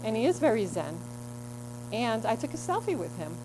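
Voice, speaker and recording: A middle-aged woman tells a chatty, rambling stand-up story full of restarts. Her voice sits a little high and swings widely in pitch. A noisy hum runs under the live recording. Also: sing-song, normal speed. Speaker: open mic comedian. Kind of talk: stand-up comedy set.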